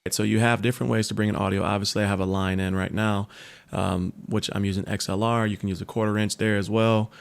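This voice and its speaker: A man with a lowish, gravelly voice walks through a tech product in a casual review. He talks in a relaxed way, with plenty of ums and little asides. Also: fast.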